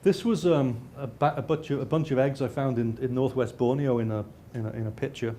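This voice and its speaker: A man of middle pitch lectures over slides, stumbling and restarting often. He drops in dry, self-mocking jokes, and a faint hiss runs underneath. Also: a little fast, warm tone. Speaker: lecturer and researcher.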